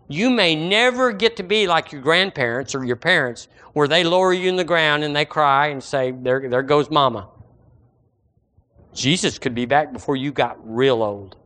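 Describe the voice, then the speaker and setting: A man preaching a sermon as pastor, animated and acting out the voices of his listeners. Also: fairly high pitch.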